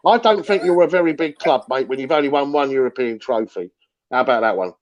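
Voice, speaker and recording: A man's voice: medium pitch, expressive, fast talker, dry recording. A man, a Chelsea fan trading heated football banter on a livestream, mocking and combative, swearing and calling everyone "mate". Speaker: guest pundit, Chelsea fan.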